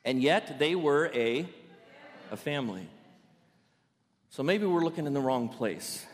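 A man preaching a sermon to a congregation in a playful, animated storytelling way. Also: medium pitch, a little slow, long reverb tail. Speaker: pastor. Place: church sanctuary.

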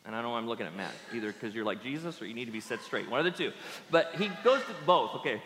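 A pastor giving an animated sermon, often acting out the people he quotes. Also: mid-range voice, fast talker, in a large hall, slight background noise. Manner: animated, acts out quoted voices in character.

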